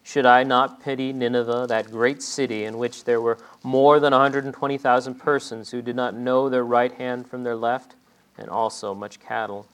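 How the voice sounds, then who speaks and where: A man's voice: medium pitch, little pitch movement, moderate pace. A man preaching a sermon, acting out quoted speech with rising intensity.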